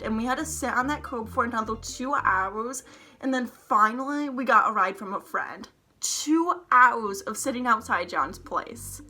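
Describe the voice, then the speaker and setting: A woman's voice: on the high side, sharp tone. A young woman vlogger telling a heated storytime, rambling, swearing often and saying "like" a lot. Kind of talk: storytime vlog to camera.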